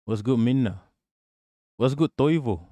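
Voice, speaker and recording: A man's voice: medium pitch, mellow, dry recording. A man hosting a live stream, reacting to news clips with profane, laughing rants. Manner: ranting, profane, quick to laugh. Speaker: livestream host.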